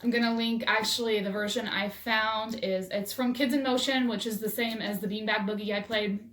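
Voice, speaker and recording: A woman's voice: medium pitch, fairly even intonation, moderate pace, a bit bright. A woman teacher showing a movement game on video, cheerful and chanting rhythmic cues for toddlers. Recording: echoey room, voice from far off.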